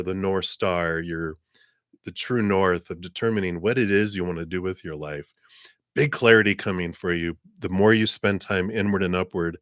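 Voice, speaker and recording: A man giving tarot readings on a livestream in an upbeat, chatty way, clearing his throat now and then. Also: low-pitched, a bit bright, no echo, clean studio sound. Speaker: tarot reader.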